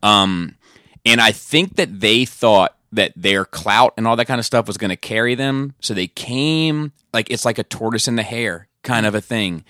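A man co-hosting a casual talk show, telling a story with animated retellings and frequent swearing. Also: lowish voice, moderate pace, no room sound, studio quality. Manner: animated storyteller, acts out quotes, swears freely. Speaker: podcast co-host. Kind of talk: casual chat.

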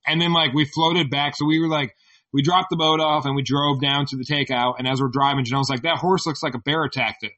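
A man's voice: fairly high pitch, steady tone, fast, bright, forceful tone, recorded from a distance, highs cut off. A man co-hosting a podcast, telling a story in loose casual chat, rambling and swearing freely. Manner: rambling, swears freely, retells with quoted voices. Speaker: podcast co-host.

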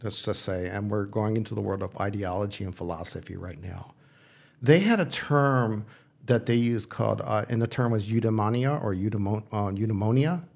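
Gravelly-voiced male pastor. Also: lowish voice, normal speed. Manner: thinking aloud, with restarts and frequent "okay?" check-ins; playful, teasing. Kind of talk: casual discussion on faith and philosophy.

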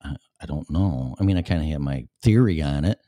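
A man's voice: a bass voice, animated, fairly quick, dark tone, no room sound. A man hosting his own radio show, talking in a blunt, profane and rambling monologue into a studio microphone. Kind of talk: casual monologue.

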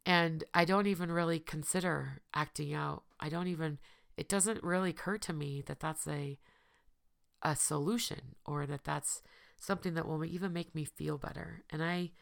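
A woman with a low, heavily gravelly voice, hoarse and tearful. She speaks earnestly to her listeners as a podcast host and recovery coach, repeating phrases over and over for emphasis. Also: steady tone, normal speed. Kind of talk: heartfelt personal address to listeners.

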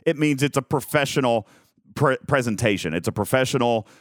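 A man hosting a live stream, talking in a rambling, self-mocking way with lots of halting restarts. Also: mid-range voice, no room sound, studio quality. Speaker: host of a live game talk stream. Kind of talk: casual live-stream chat.

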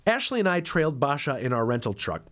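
A man's voice: mid-range voice, very animated, fast, fairly bright tone. A man hosting a podcast, reading a travel story aloud and breaking off for wry, self-deprecating jokes. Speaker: podcast host and dairy farmer.

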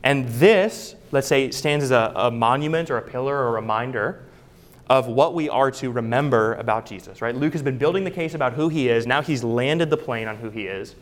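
A man's voice: mid-range voice, fairly quick. A man preaching a sermon, earnest and emphatic, often asking rhetorical questions.

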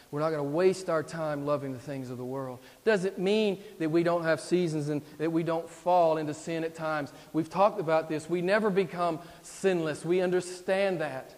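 A man preaching with emphatic repetition, his slightly high voice pressing its points again and again. Loud urgings give way to quiet appeals, all carried on a long reverb from a large hall. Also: moderate pace, hardly any pauses. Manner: emphatic, repetitive, swings between loud and hushed. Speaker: pastor. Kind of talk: sermon.

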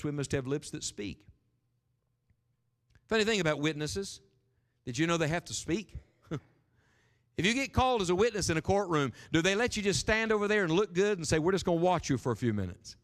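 A man pastor preaching a sermon, animated and emphatic, rising and dropping his voice for stress. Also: a little high. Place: church sanctuary. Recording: sermon with long hall reverb.

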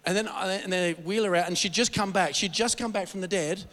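Man preaching, rambling storyteller, high-pitched, long hall reverb. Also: brisk. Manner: animated, rambling with restarts. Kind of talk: storytelling sermon.

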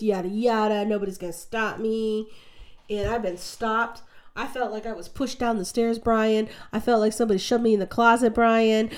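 A woman telling stories in a lively, chatty way, acting out what people said. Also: fairly high pitch. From United States. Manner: animated, chatty, acts out quotes in her story. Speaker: guest. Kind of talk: casual conversational storytelling.

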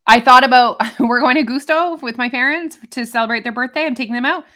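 A woman's voice: high voice, fast talker, bright, forceful tone. A woman co-host in a casual chat, speaking candidly and poking fun at herself. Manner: candid, self-mocking.

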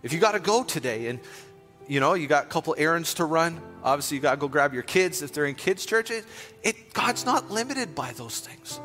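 A pastor, a man, preaches to his church in a high, bright voice that rings with force. He builds his points through passionate repetition and leans into quiet prayer. The sound carries a long hall echo with faint music underneath. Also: lively intonation, fairly quick. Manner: impassioned, repetitive preaching that drops to a hushed prayerful close. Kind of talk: sermon. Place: church sanctuary.

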